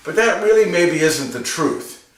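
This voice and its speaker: A man's voice: sits high, animated, measured pace, distant mic. Earnest man preaching in an echoey room. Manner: earnest, repeats phrases for emphasis. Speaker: religious reflection presenter. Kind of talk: homily.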